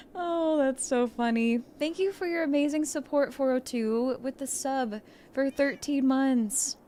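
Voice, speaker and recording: Bubbly high-voiced woman streamer. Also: slow pace, dark tone, a little hiss or hum. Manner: bubbly, effusive, giggly. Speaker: livestreamer. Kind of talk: casual livestream chat with viewers.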